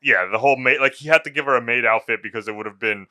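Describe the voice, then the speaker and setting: A male co-host of a movie review podcast rants animatedly in casual chat, swearing freely. His medium-pitched voice comes out rapid-fire.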